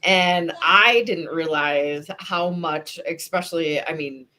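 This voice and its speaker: Slow-talking woman podcast host. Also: sits low. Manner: relaxed, thoughtful, hedges with "I mean". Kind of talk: casual interview chat.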